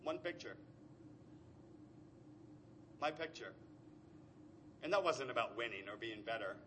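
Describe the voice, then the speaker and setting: A man's voice: mid-range voice, expressive, unhurried, fairly bright tone, a little hiss or hum. A middle-aged man giving an earnest, emotional personal recovery share. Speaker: speaker at a recovery meeting.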